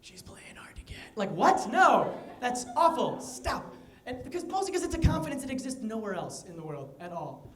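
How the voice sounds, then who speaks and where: A young man doing a stand-up comedy set, talking casually with quick asides and mock voices for the people in his jokes. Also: very high voice, sing-song, fairly bright tone, echoey room. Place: comedy venue with live audience.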